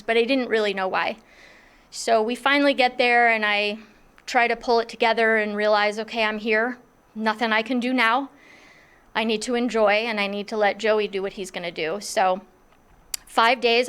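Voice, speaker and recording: A middle-aged woman telling a personal story in a lively, self-mocking way, acting out what others were thinking. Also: a little high, smooth. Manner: animated, self-mocking, acts out others' thoughts.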